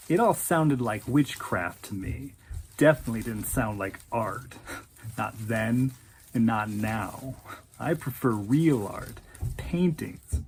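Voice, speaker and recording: An actor playing a disapproving adult who looks back and dismisses the events with a dry tone. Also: male voice, mid-range voice, a little mellow, slight background noise.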